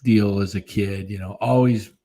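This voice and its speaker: A man co-hosting a casual sports talk show, excitable, laughing often and pushing his own theories. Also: lowish voice, normal speed. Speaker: podcast co-host.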